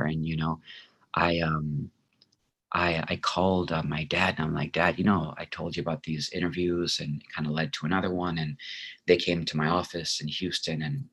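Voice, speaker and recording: Deep husky man telling his story. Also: a bit bright. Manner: earnest, heartfelt, reflective. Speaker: interview guest, actor. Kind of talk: personal storytelling in conversation.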